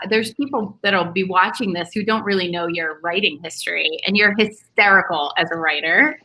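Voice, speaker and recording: A woman's voice: medium pitch, bright, forceful tone, low-quality recording. A woman hosting an interview in a casual, enthusiastic way, laughing easily and praising her guest. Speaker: host.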